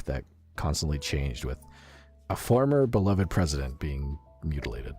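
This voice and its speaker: A man's voice: rumbling low, big pitch swings, normal speed, a little mellow, faint music behind. A male streamer with a stuffy nose, chatting casually with his viewers in a rambling, filler-heavy way.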